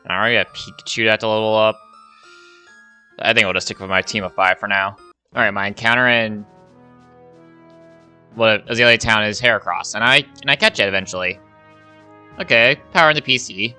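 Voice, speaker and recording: A young man narrates his game run in a loose, rambling play-by-play, swearing and sighing when things go wrong. His voice is bright and sharp, sitting a bit low. Soft music plays faintly under him. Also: a little fast, long pauses, clear, resonant tone. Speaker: gaming YouTuber. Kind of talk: casual game commentary.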